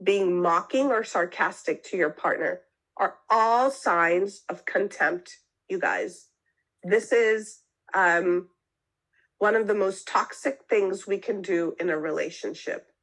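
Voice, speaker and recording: A woman's voice: mid-range voice, takes it slowly, a bit bright, rough recording. A woman therapist giving a talk on couples communication. She explains step by step, keeps checking in with "okay?", and acts out sample phrases. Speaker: marriage and family therapist. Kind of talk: teaching a mental health talk.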